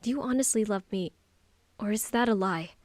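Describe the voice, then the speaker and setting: A woman's voice: medium pitch, fairly quick, a little mellow, dry recording, lightly acted. A woman voicing a timid, submissive young man who sounds shaken and hesitant, in an audiobook. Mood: questioning. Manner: whiny and hesitant.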